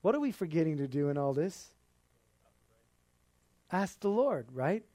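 A man preaching an earnest sermon in a conversational voice that sits a little high. He laughs now and then. The sound is dry and close, with no room echo. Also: sing-song, measured pace, dark tone.

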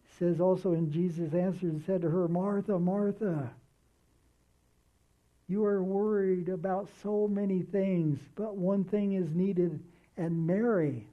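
A man preaching a sermon as pastor, earnest, repeating key phrases for emphasis. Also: sits high. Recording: tinny phone-like sound.

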